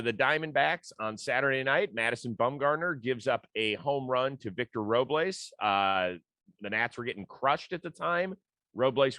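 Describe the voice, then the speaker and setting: A man's voice: medium pitch, bright, forceful tone, no room sound. A man hosting a casual sports talk show, chatting easily and telling stories from his early career as a reporter. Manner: conversational, storytelling, laughs easily. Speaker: podcast host.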